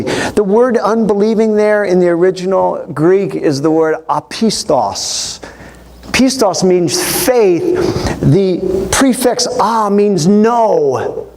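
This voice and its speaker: A male pastor preaching a sermon in a church, telling the story in an animated way with quoted voices. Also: high-pitched.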